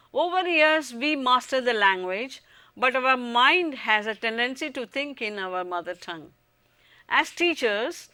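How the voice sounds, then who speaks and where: Woman reading a teaching lecture, steady and explaining, kinda high pitched. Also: no echo. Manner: measured, explanatory delivery. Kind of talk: scripted educational lecture.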